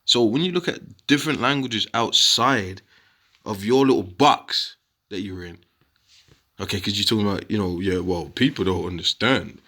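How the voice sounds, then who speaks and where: A young man talking casually to his viewers, animated and repetitive, calling them bro and man while making his case. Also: on the low side, normal speed. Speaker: online commentator. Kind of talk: casual rebuttal video talk.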